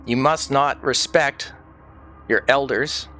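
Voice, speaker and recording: A man's voice: mid-range voice, takes it slowly. An older man on a livestream, ranting intensely in an emphatic monologue, repeating phrases for emphasis. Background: faint dark ambient music.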